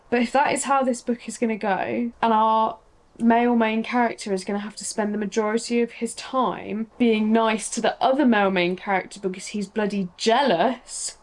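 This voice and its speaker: Chatty woman book vlogger. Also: medium pitch. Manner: chatty, exasperated rants with rhetorical questions. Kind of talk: casual reading vlog.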